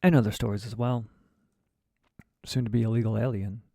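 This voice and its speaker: A man's voice: on the low side, fairly even intonation, a little fast, warm tone, no room sound. A man thinking aloud as he plans a short story, rambling and often trailing off into mutters. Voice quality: gravelly. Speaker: writer livestreaming his process. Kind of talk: casual thinking aloud while writing.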